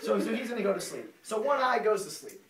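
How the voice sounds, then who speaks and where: Jokey, rambling young man, high and animated. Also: fast talker, crowd noise. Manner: jokey, rambling, lots of fillers. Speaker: student presenter. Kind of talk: casual class presentation. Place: classroom. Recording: roomy classroom, distant mic, loud class laughter.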